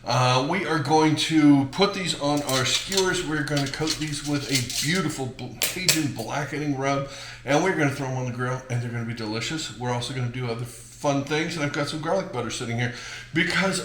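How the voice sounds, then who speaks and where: A man's voice: medium pitch, a little fast, background noise. Male home-cooking host, casual demo delivery, wisecracking asides, echoey room sound. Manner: jokey, rambling, chatty asides.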